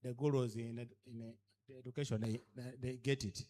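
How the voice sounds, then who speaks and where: A warm, mid-range male voice with little pitch movement and a normal speed, carrying a slight hiss or hum. He has a Ugandan accent and is giving a training lecture at a cultural leaders' orientation, code-switching between English and a local language while emphatically pressing the audience with rhetorical questions.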